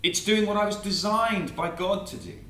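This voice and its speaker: A man giving an evangelistic talk to a student audience, lively and theatrical as he acts out quotes. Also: sits high, moderate pace, echoey room, far from the mic. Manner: animated, theatrical, acts out quotes and a comic poem. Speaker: speaker at a student Christian meeting.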